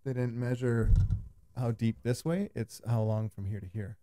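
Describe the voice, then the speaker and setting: A man's voice: mid-range voice, steady tone, normal speed, dark tone, no echo, studio quality. A man chatting casually with a friend while they build a project together, teasing him playfully. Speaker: co-host. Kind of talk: casual chat while doing a craft project.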